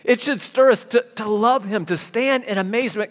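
A man preaching a sermon as a pastor, animated and given to sudden emphatic bursts. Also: high-pitched, moderate pace, few pauses. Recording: long hall reverb.

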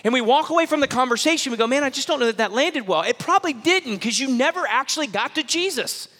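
A man's voice: extremely high pitch, animated, fast talker, pushed and bright, long reverb tail. A man preaching a sermon, emphatic, repeating key phrases and restarting words as he presses his points. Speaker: pastor.

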